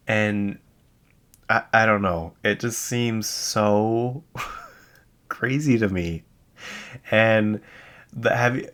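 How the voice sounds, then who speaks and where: A man's voice: on the low side, fairly bright tone. A young adult man hosting a podcast in casual chat, rambling and incredulous, often laughing mid-sentence. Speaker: podcast host.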